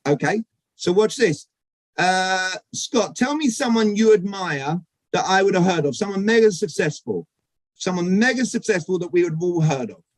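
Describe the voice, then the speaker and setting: A man giving an energetic live talk on sales communication to a networking audience, asking them questions directly. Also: high voice, normal speed, dry recording, low-quality recording. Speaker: speaker at a networking event. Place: event room with audience.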